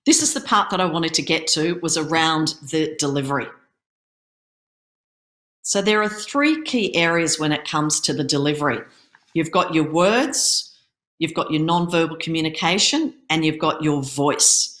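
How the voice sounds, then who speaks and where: Low-pitched woman coaching over video call. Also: lively intonation, normal speed, a bit bright, reverberant. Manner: instructive, coaching tone with occasional stumbles. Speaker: startup accelerator program manager giving a pitching workshop. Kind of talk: online presentation.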